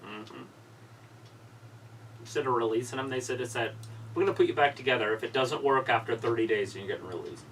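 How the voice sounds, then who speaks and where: A man's voice: mid-range voice, brisk, pauses often, a bit bright, recorded from a distance, a little hiss or hum, rough recording. A man co-hosting a casual live stream, trading dry, teasing asides with the host. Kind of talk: casual watch-along banter.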